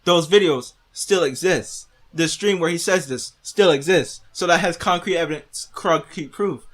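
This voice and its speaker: A man hosting a reaction video, ranting with heavy profanity and arguing back at the clip he is watching. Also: on the high side.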